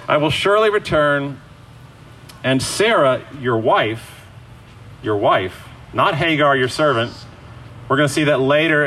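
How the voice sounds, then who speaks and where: A man's voice: fairly high pitch, bright, forceful tone, low-quality recording. A man preaching a sermon in a casual, conversational way, acting out the quoted lines as he goes.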